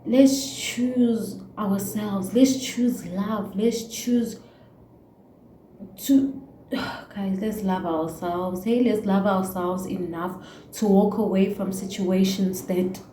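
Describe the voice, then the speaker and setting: A woman's voice: medium pitch, steady tone, slow pace, mellow, echoey room, slight background noise, poor audio. A young South African woman with a South African accent, ranting heartfelt and preachy to her viewers, mixing in Zulu words. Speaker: YouTuber. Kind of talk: emotional casual rant to camera.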